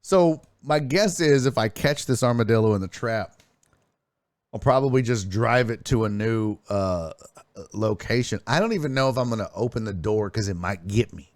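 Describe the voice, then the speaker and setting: A man's voice: on the low side, lively intonation, moderate pace, no room sound. A man hosting a sports live stream, chatting casually, telling stories, reading chat messages aloud and swearing freely. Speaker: sports streaming show host.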